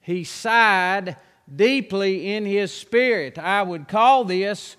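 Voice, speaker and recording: A man preaching as pastor, reading scripture and then teaching in an earnest, drawn-out way. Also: high-pitched, bright, forceful tone, clear, resonant tone, in a large hall.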